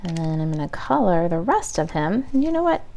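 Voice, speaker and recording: A woman's voice: lowish voice, sing-song, a little fast, dark tone, a little hiss or hum. A woman demonstrating a craft project step by step, chatting and thinking aloud as she works at a home craft table.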